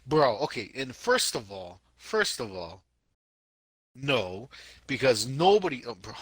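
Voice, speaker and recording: Bright-voiced, emphatic podcast guy. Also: mid-range voice, slow, breathy edge, no room sound. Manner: animated, emphatic, repeats himself. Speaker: podcast co-host. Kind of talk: casual chat.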